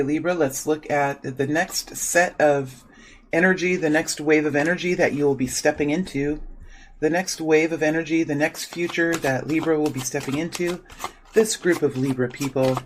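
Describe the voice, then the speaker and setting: Soft-spoken man reading tarot cards. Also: a little high, moderate pace, slight background noise, rough recording. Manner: soft-spoken, repeats invocations while shuffling. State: morning voice. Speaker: tarot reader.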